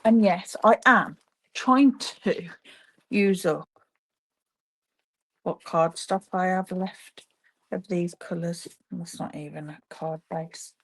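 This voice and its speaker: A woman's voice: fairly low pitch, slow pace, pauses often, slightly rough. A woman demonstrating card making on a live stream from her home craft room, chatting to viewers as she works. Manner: chatty, talks to viewers while working. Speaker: papercraft demonstrator.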